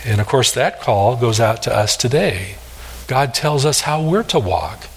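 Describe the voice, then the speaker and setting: Male pastor, sermon, earnest, emphatic, slows for stress, mid-pitched voice. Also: animated, slightly rough. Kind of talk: expository sermon.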